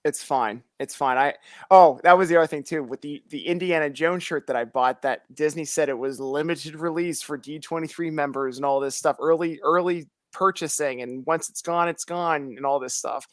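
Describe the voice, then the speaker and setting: A man's voice: fairly high pitch, normal speed, few pauses, no room sound, clean studio sound. A man in casual chat who tells stories with lots of energy, acts out the voices of the people he quotes, and laughs often.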